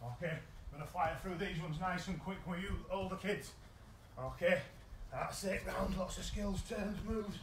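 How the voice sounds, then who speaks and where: A man with a British accent coaching children's football in a live online session, giving energetic, encouraging instructions. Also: high voice, normal speed, echoey room, slight background noise, rough recording. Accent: British English. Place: indoors at home.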